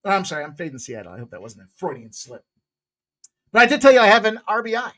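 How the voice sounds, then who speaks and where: Man, sports betting host, casual picks talk, jokey, self-mocking, loud excited bursts. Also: high-pitched, quick pace.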